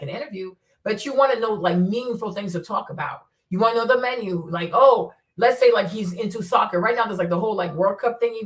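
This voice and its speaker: A woman hosting a casual livestream, rambling and animated, tagging her points with "right?" as she talks. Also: a little high, recorded from a distance. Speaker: livestream host.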